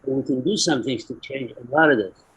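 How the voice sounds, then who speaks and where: Blunt husky-voiced man on a panel. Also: mid-range voice, fairly quick, fairly bright tone. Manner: opinionated, blunt and emphatic. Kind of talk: panel discussion. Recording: dull lo-fi audio.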